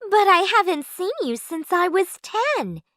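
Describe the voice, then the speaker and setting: Lady voicing a sweet wry young girl from a storybook, way high and earnest. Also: very animated, measured pace, pushed and bright, no echo, studio quality, heavily acted.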